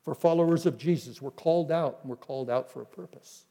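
High-voiced pastor preaching in a hall. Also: male voice, vocal fry. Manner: teaching, with scripture quoted in a slower, softer voice. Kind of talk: sermon.

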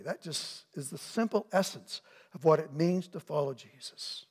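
High-voiced man preaching in a reverberant church. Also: moderate pace. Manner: animated, acts out voices of people in the story. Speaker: pastor. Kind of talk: sermon. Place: church sanctuary. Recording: long reverb of a church hall.

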